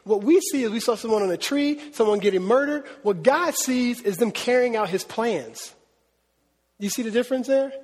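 A male pastor with a high, husky voice delivers a sermon in a conversational, questioning way. His voice carries a long reverb, as if recorded in a church hall. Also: moderate pace. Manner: conversational, asks the audience questions.

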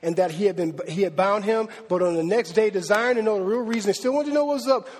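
Speaking fast, this preacher keeps his sermon casual and energetic, using slang and playing the people in his story. The hall adds long reverb to his high, faintly husky voice.

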